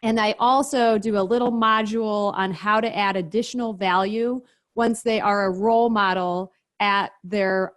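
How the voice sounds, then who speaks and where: Brisk woman explaining her training. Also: medium pitch. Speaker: business owner, guest. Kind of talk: interview, explaining.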